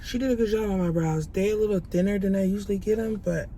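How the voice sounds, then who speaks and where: A woman's voice: mid-range voice, fast, heavy background noise. A woman vlogging in a casual, chatty way, rambling and repeating herself as she talks to her viewers. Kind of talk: casual vlog chat.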